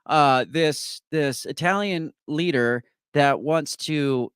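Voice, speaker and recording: Brief: man, fairly high voice, animated and mocking, dry close sound, hosting a live stream chat. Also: slow pace, clean tone, no echo. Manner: animated, mocking, mimics others in put-on voices. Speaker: host. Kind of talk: casual political chat.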